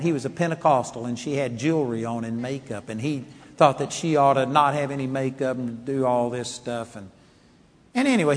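A man preaching a sermon, telling stories emphatically and swinging from quiet asides to loud declarations. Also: medium pitch, big-room sound.

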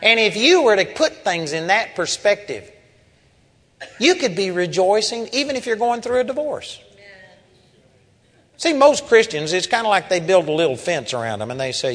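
Male Bible teacher, live seminar sermon; high voice, blunt storytelling, reverberant hall. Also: very animated, normal speed, a bit bright. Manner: plain-spoken, emphatic storytelling.

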